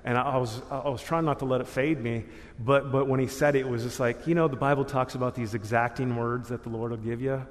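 Speaking fast with few pauses, a man of medium pitch and fairly even intonation gives his testimony as a church guest speaker. The storytelling is casual and slangy, he laughs at himself often, and long hall reverb fills the recording.

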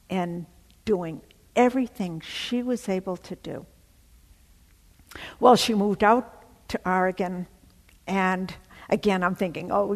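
A woman giving an emotional personal testimony, telling her story haltingly with many fillers. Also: fairly low pitch, big-room sound.

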